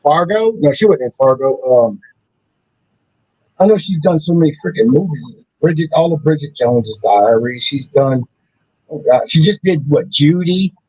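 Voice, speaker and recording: Husky man searching for words. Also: a little high, animated, moderate pace, a little mellow, highs cut off. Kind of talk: casual chat.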